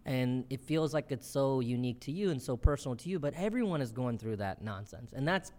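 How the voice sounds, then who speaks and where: A man in his thirties, a comedian being interviewed, telling quick, animated stories and acting out quotes. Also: mid-range voice. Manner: quick, animated storytelling with acted-out quotes and laughter. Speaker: comedian and show creator, guest. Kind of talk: casual interview.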